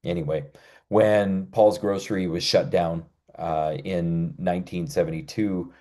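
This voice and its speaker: A man hosts a history podcast with a lowish, mellow voice. He narrates in a loose, conversational way and often pauses on "uh" between facts. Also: fairly even intonation. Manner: conversational storytelling with frequent "uh" fillers.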